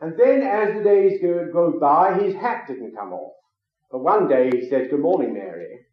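A man's voice: a little high, animated, moderate pace. A man preaching a sermon, telling a story and then rising into emphatic declarations before a gathering. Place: a room with an audience. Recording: very echoey, dull lo-fi recording.

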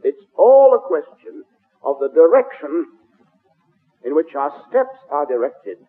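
A man's voice: on the high side, husky. A man preaching a sermon, stressing key words in repeated phrases. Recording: tinny lo-fi radio recording in a reverberant hall.

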